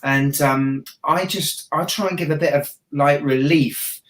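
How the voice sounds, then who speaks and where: A man from Southampton with a Hampshire accent, a watch YouTuber chatting casually as a guest, joking and laughing, often trailing off quietly. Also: on the high side, a little slow, slight background noise. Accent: Hampshire English. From Southampton, England. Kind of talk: casual interview chat. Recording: echoey room.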